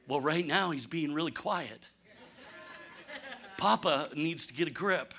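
A man preaching a conversational sermon, candid and humorous, asking rhetorical questions and swinging from punchy lines to near-quiet asides. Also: a little high, unhurried, pauses often. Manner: animated, rhetorical questions, sudden drops to quiet; candid, self-deprecating humor. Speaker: pastor.

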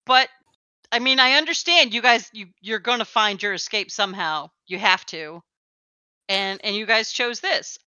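A woman's voice: mid-range voice, moderate pace, bright, forceful tone, clear, resonant tone, no echo. A woman co-hosting a podcast in casual chat, teasing and laughing often. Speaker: podcast co-host.

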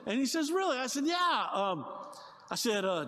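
Animated high-voiced pastor preaching in a hall. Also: male voice, normal speed, slight background noise. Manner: animated, excited preaching with frequent restarts. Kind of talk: sermon with storytelling. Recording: long hall reverb.

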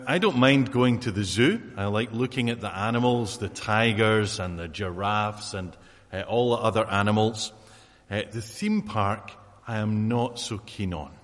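A man preaching a sermon in a relaxed, conversational way, full of fillers and asides to his congregation. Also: fairly low pitch. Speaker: pastor. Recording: long hall reverb.

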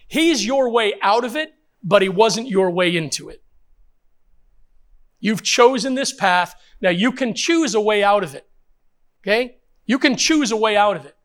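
A man's voice: high-pitched, fairly bright tone. An older man, a pastor, preaching a sermon with emphatic rhetorical questions and repetition.

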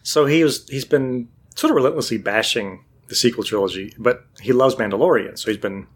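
A man's voice: medium pitch, fairly quick, slightly rough. Guy chatting casually, tells a long story, does voices for the quotes. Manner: animated storyteller, acts out quotes. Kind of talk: casual chat.

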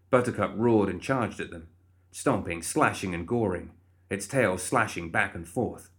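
A man giving steady, measured storybook narration. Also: lowish voice.

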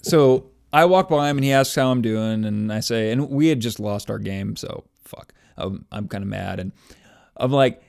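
A man's voice: lowish voice, moderate pace, creaky. Young male co-host, casual rambling storyteller, self-deprecating. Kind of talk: casual chat.

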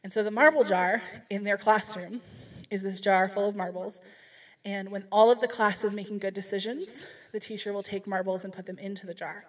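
A woman's voice: medium pitch, fairly even intonation, fairly quick, recorded from a distance. A woman speaking to a church group, telling a story in a chatty, rambling way with frequent restarts. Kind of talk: casual sermon storytelling.

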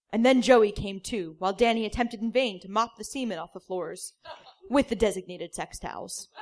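A woman comedian reading a story aloud in a deadpan manner, now and then cracking up. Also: medium pitch. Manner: deadpan, breaks into laughter.

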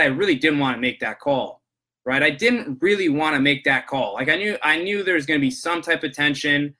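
A man hosting a podcast tells rambling stories about work calls in a casual monologue with many restarts, then turns earnest and motivational. His voice is a little high, bright, and forceful.

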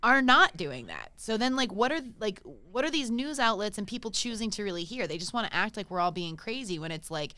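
A woman hosting a podcast in casual chat, talking fast and loose with lots of filler words. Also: medium pitch, sing-song, pushed and bright, clear, resonant tone. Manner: chatty, heavy use of "like", swears casually. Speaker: podcast host.

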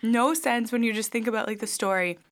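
A woman co-hosting a casual chat, telling stories in a chatty, animated way while she eats. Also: on the high side, a little fast. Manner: chatty, animated storytelling with laughs.

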